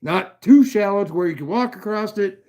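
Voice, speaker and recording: A man from northwestern Pennsylvania spins a long, rambling story in a fairly high voice. He swears freely and keeps drifting into side remarks. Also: expressive, moderate pace, dark tone. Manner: rambling and profane, with many asides. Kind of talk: casual chat, telling a long story.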